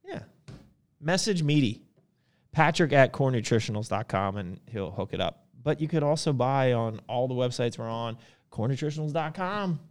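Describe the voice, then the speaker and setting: A man's voice: medium pitch, normal speed. A man co-hosting a casual podcast about supplements, talking loosely with fillers and restarts. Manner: relaxed, rambling with fillers and restarts. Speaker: podcast host.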